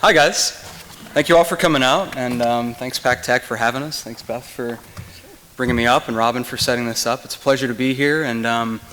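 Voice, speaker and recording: A man's voice: medium pitch, fairly quick, sharp tone, a little hiss or hum. A young man from Kentucky giving a casual keynote speech to an audience, loose and chatty with many ums and likes. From Kentucky, USA. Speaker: keynote speaker. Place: large hall. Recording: long reverb of a big hall.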